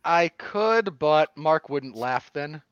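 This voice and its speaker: A man's voice: on the high side, animated, takes it slowly, a bit bright, clear, resonant tone, dry recording, dull audio. Dry, sardonic podcast man. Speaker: podcast co-host. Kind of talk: casual movie-review chat.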